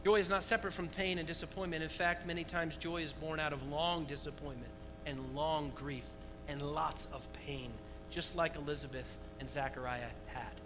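A man preaching a lively sermon to his church, asking the congregation rhetorical questions. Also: a little high, normal speed, background noise. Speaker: pastor.

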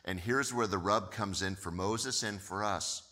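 A man preaching a sermon, telling the story in an animated way and often repeating words as he goes. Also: on the low side, unhurried, in a large hall. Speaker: pastor.

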